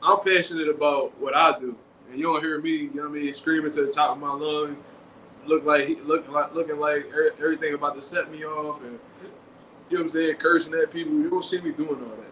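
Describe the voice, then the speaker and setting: A man riffing through casual commentary in quick slang and animated bursts. His voice sits high and bright. It rings in an echoey room with a faint hiss behind it. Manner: animated, slangy, acts out quotes. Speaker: boxing show host.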